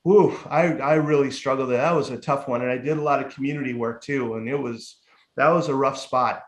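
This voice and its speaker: A man telling his life story as a guest on a casual podcast interview, lively and candid, swearing now and then. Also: medium pitch, brisk, reverberant. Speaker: guest, motivational speaker and life coach.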